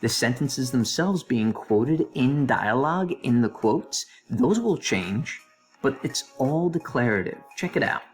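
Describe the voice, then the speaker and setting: A male English teacher giving a recorded grammar review lesson in an animated voice, with playful asides to students. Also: medium pitch, measured pace, breathy edge, faint music behind.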